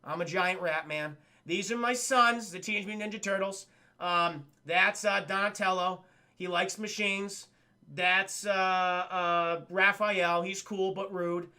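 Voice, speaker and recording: A man voicing a giant wise old male rat master in his own casual halting voice, introducing his sons. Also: high-pitched, steady tone, sharp tone, smooth, full character voice. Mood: matter-of-fact.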